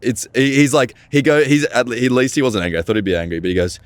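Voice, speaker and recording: A man's voice: medium pitch, expressive, fast talker. A young man co-hosting a podcast in casual chat. He rambles through stories and acts out the dialogue. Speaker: podcast co-host.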